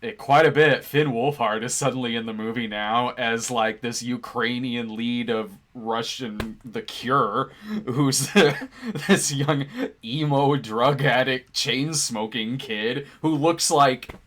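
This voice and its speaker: Male co-host, casual film chat, halting and rambling, laughs a lot. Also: mid-range voice, fairly even intonation, fairly bright tone. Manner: rambling, halting with fillers and restarts, laughs often. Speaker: movie review co-host. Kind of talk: casual conversational film review.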